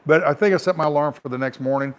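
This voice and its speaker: A man's voice: fairly high pitch, fast, clear, resonant tone. A middle-aged American man, a truck driver, telling a rambling, frank story to camera in a casual way.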